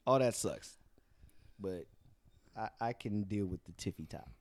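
A man co-hosting a casual wrestling podcast, jokey and animated, often stammering and restarting his sentences. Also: fairly low pitch, a little slow, slight background noise. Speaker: podcast co-host.

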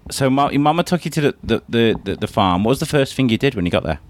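A man's voice: medium pitch, lively intonation, quick pace, slight background noise. A man hosting a casual chat with his young son, teasing and encouraging him and chuckling often. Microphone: handheld microphone passed to child.

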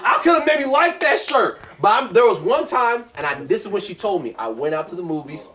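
A man's voice: high-pitched, a little fast. A young man telling profane, jokey stories in casual group banter as a podcast host. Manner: animated, profane, jokey storytelling. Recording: distant mic with faint noise.

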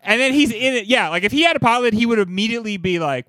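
A man's voice: high voice, quick pace, few pauses, sharp tone, no echo. A man co-hosting a casual movie podcast, talking enthusiastically and rambling a little. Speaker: podcast co-host.

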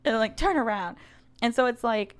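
A woman's voice: a little high, normal speed, clear, resonant tone. A young woman co-hosting a podcast, telling stories animatedly and acting out quoted lines, with "like" all through her speech. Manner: animated storyteller, acts out quotes, heavy use of "like". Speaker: podcast co-host. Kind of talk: casual chat.

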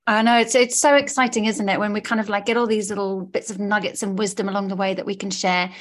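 A law of attraction coach hosts a casual podcast in a studio, talking fast with upbeat, gushing, warm encouragement. Her voice is medium-pitched with fairly even intonation.

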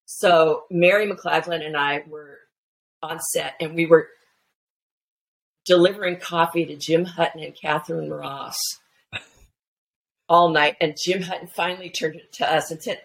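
A woman guest telling family anecdotes in a casual, animated way, full of restarts and fillers. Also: low voice, measured pace, gravelly, pauses often, rough recording. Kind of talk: casual storytelling chat.

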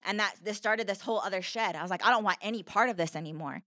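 A woman guesting on a podcast tells her personal story in an earnest, heartfelt way, leaning heavily on "like" as a filler. Her medium-pitched voice is quick, bright and forceful, recorded at studio quality with no echo.

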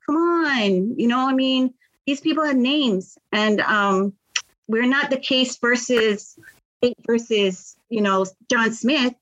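A woman's voice: on the high side, lively intonation, slow, fairly bright tone, dull audio. A middle-aged woman, telling her story in an interview, earnest and impassioned, often repeating words. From Hawaii. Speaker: victims' advocate, guest.

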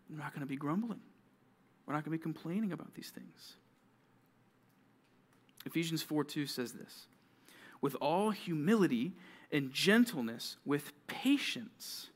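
A man with a somewhat high voice preaches to a room of junior high students. He keeps it conversational and lively. Now and then he slips into quick mock voices of grumbling kids. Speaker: youth pastor.

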